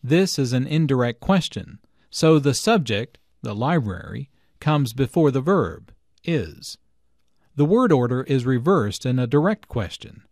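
A man reading English language notes in a slow, clear, scripted lesson style. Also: medium pitch, sing-song, a little mellow, dry recording, studio quality. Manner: slow, clear explanatory delivery. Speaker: English teacher.

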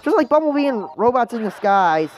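Woman, casual gameplay commentary, lively up-and-down voice, game music behind. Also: on the high side, fairly quick. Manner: chatty, rambling and self-mocking, talks to game characters. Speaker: gaming channel host. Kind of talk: casual let's-play commentary.

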